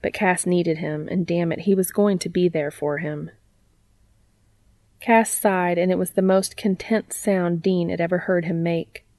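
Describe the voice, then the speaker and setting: A woman narrating a story in a calm, even reading voice. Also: lowish voice, measured pace, dry recording. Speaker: fanfiction reader. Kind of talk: audiobook narration.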